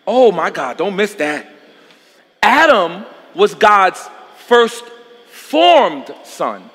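A man preaching a sermon in an emphatic style. He calls out to the congregation for responses. His voice is high and bright, and it rings out with the long reverb of a large hall. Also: sing-song, extremely slow. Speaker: pastor.

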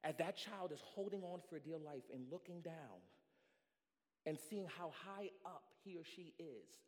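A man preaching a sermon as pastor, building to shouts with repeated phrases. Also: a little high, animated, unhurried, long reverb tail. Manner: preaching with rising shouts and repetition.

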